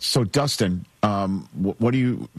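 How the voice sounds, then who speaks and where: A man hosting a call-in sports radio show, bantering quickly with callers and reading out a schedule. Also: on the low side, expressive. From New York area.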